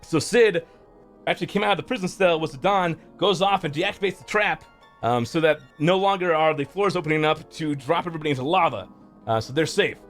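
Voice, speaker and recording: A man's voice: fairly high pitch, fairly quick, faint music behind. A man streaming, retelling a game's story casually with lots of swearing and filler. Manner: rambling, profane, animated retelling. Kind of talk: casual game story recap.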